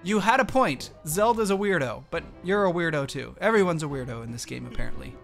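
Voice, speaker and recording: A man's voice: on the high side, expressive, brisk, gravelly, a bit bright, faint music behind. Jokey man gaming. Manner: jokey, meme-heavy, playful. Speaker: let's-play gamer. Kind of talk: casual gameplay commentary.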